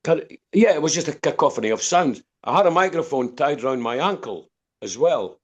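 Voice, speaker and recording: With a breathy edge to his fairly high, expressive voice, an older man from Dundee speaks at a moderate pace in a Scottish accent. He's a guest musician in a podcast interview, a rambling storyteller whose long anecdotes are full of repeats and restarts.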